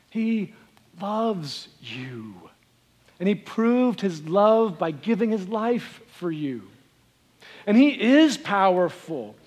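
A man preaching a sermon, building to loud emphatic peaks and dropping to soft, quiet lines. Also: high-pitched, big-room sound. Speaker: pastor.

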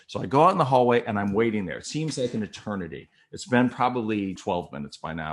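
A man from Minnesota telling an emotional personal story, acting out the voices and swinging from quiet to loud. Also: lowish voice, fast talker, hardly any pauses. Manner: animated, acts out voices, swings from soft to loud.

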